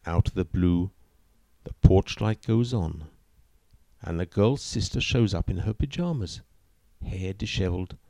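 A man narrating a joke in a slow, deliberate storytelling manner. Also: low-pitched, gravelly, dark tone, no echo. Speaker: joke teller.

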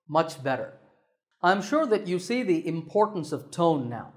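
A man teaching English pronunciation in a clear, deliberate scripted lesson, slowing down to sound out example words. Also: on the high side, very animated.

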